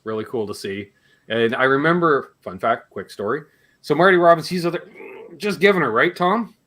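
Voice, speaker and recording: Rambling and joking, with laughs between remarks, a forties-aged man from Canada runs a casual live guitar Q&A stream. He speaks at a moderate pace in a fairly bright, slightly high voice.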